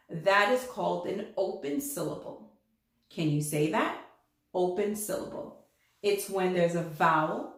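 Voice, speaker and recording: A woman's voice: mid-range voice, unhurried, heavy reverb. A woman teaching a children's reading lesson, telling it as a story and acting out the letters. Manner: animated storytelling, acts out letters' lines.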